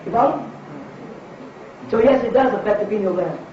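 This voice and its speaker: A man's voice: high voice, normal speed, noisy background. A man giving a lecture to an audience and taking their questions. He talks emphatically, repeats his points and asks rhetorical questions. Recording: distant, echoey, dull lo-fi recording.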